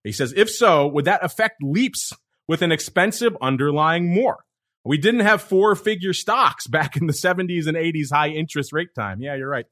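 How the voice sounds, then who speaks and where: A bright, forceful-sounding man hosting a casual podcast. He talks with energy, rattling through listener questions and side comments in a loose, chatty flow. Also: a little high, normal speed. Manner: energetic, talkative, reads listener questions aloud. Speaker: podcast host.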